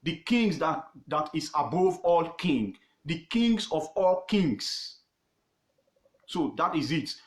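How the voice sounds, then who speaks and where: Nigerian man, history talk, emphatic, repeats himself, somewhat high voice, echoey room. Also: animated. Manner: emphatic, repeats words, pauses with fillers. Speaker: host teaching history on his page. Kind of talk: informal history lecture.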